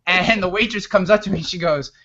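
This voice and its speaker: A man in his thirties from upstate New York, telling a story as a guest in a casual interview, animated and often restarting his words. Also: high-pitched, fast, muffled recording. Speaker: guest author.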